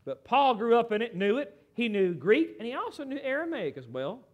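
A middle-aged American man preaching a sermon in an animated, conversational way, with asides to the congregation. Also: extremely high pitch, a little fast. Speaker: pastor.

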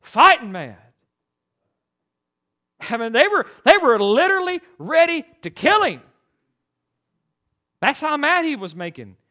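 A man preaching from the pulpit in an unusually high voice that leaps around with animated, emphatic swings. His tone is bright and sharp, and he stumbles into quick restarts as he drives his points home. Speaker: pastor. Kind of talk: sermon.

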